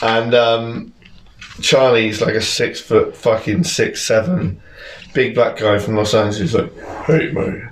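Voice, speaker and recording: A man's voice: on the low side, flat delivery, unhurried, slight background noise. Rambling man in a roomy space. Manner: candid, rambling storyteller, swears freely. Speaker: musician guest. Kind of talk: casual podcast chat. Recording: roomy echo.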